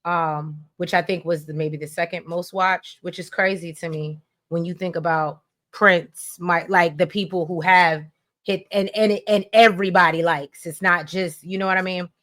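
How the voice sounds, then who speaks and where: Brief: woman gossip co-host, lower voice, animated and chatty. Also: normal speed. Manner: chatty, animated, laughs often. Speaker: podcast co-host. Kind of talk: casual gossip chat.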